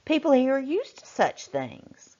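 A woman voicing a worried mother who speaks in a brisk, anxious, lifted tone, in a read-aloud storybook. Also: sits high, huge pitch swings, warm tone, voice pushed up, exaggerated voice. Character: worried mother driving up a snowy hill. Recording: muffled lo-fi recording.

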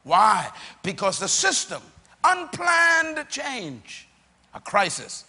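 High, bright-voiced preacher in echoing hall. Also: male voice, huge pitch swings, slow pace. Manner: rousing call-and-response preaching, bursts of shouting. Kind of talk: sermon to a live congregation. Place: church or auditorium. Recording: long reverb of a large hall.

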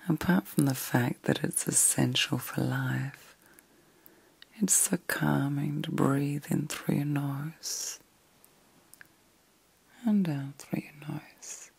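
Whispering middle-aged woman, gravelly and breathy. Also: deep voice, fairly even intonation, a little mellow, no room sound. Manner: slow, soothing and reflective. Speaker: ASMR host. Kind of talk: whispered ASMR vlog. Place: in bed at night.

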